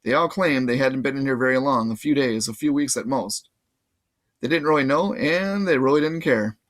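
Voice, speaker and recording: A man reading a novel aloud in casual, lively first-person narration. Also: medium pitch, moderate pace. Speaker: audiobook reader.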